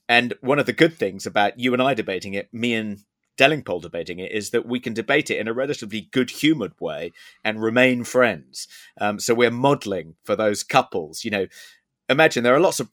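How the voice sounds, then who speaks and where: A man's voice: lowish voice, a bit bright, no echo, clean studio sound. A man co-hosting a podcast in casual chat, hesitant, with many ums and restarts. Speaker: podcast co-host.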